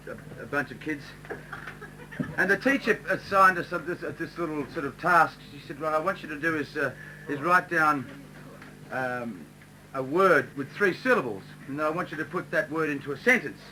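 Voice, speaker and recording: A man's voice: a little high, moderate pace, sharp tone. A man telling a long joke at a live community show, chatty, acting out each character's lines. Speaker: stage performer telling a joke. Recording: noisy live stage recording.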